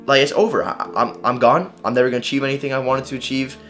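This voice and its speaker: A young man vlogger telling a personal story to camera in a casual, animated way, swearing and using slang. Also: mid-range voice, fast, soft background music.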